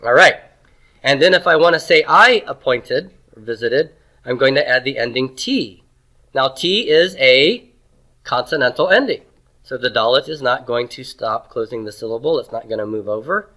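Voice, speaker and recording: Teacher: man, bright tone, quizzes the class and cracks folksy jokes. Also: medium pitch, expressive, normal speed, poor audio. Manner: drills pronunciation, asks the class questions, folksy jokes. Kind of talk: classroom lecture.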